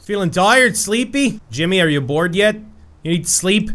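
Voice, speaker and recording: High, lively young man shouting at his game. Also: normal speed, soft background music. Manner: animated, swings from yelling to muttering. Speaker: gaming YouTuber. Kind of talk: excited gameplay commentary.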